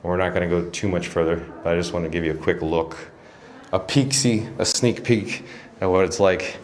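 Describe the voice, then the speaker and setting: A man's voice: low voice, steady tone, normal speed. A man hosting a live-stream tour of hotel hallways, chatting and reading viewer comments aloud. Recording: noisy handheld phone recording.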